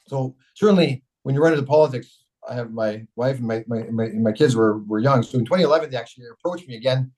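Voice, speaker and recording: Middle-aged man from Canada, mayor on a podcast; quick, chatty, keeps restarting his sentences. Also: mid-range voice, low-quality recording. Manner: rambling, self-correcting, animated storyteller. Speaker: mayor, interview guest. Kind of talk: casual storytelling interview.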